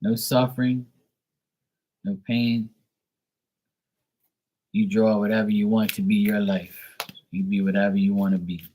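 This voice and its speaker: A man hosting a casual live tarot reading, affectionate and encouraging, reading card messages slowly into a phone. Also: lowish voice, level tone, mellow. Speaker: live tarot card reader, stream host.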